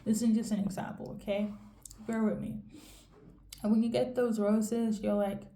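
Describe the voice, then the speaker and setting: A woman giving a casual tarot reading in a rambling, fairly monotone way, often checking in with "okay?". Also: mid-range voice, moderate pace, roomy sound. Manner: monotone delivery. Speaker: tarot reader.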